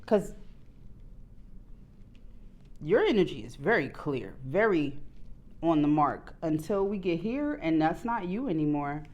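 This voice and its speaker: A woman doing a casual tarot reading to her viewers, candid and profane, jumping between quiet low asides and loud excited outbursts. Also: unhurried, long pauses. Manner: candid, swears freely, bursts into laughs. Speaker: tarot reader.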